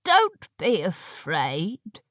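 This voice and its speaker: Ancient witch, old woman, sly, rasping wheeze, very slow and knowing; a woman narrator puts her on. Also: lowish voice, wildly swooping pitch, fairly bright tone, no echo, studio quality, heavily acted. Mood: sly, croaking. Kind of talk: audiobook character voice.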